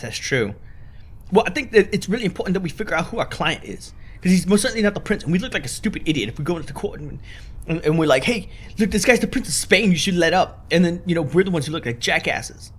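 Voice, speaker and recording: A man's voice: fairly high pitch, expressive, quick pace, slightly rough. A man co-hosting a let's play, casually thinking aloud about the game. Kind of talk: casual gameplay chat.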